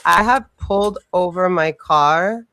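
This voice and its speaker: A woman co-hosting a casual chat show, telling a long story in a rambling, animated way and swearing freely. Her voice sits fairly low for a woman. The sound is dry and close, with no room echo. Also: a little slow. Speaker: podcast co-host.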